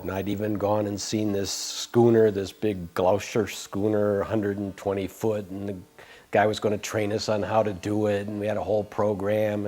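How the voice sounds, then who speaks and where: A man's voice: lowish voice, darkish tone. A man in his sixties telling a long personal story from his past in an interview, meandering and self-interrupting, with frank asides. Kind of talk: reminiscing anecdotal storytelling.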